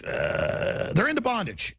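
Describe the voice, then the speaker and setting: A man hosting a talk show, ranting angrily and sometimes shouting, with sarcastic asides. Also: high-pitched, wildly swooping pitch, measured pace, creaky, slightly rough. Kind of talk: heated talk radio rant.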